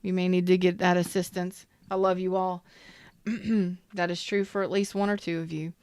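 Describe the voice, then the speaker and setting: A woman's voice: fairly low pitch, level tone, moderate pace, a little mellow, clear, resonant tone, no room sound. A woman doing a casual tarot reading, talking straight to her viewers with emphatic repetition. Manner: emphatic, repeats herself, talks straight to viewers. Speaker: tarot reader.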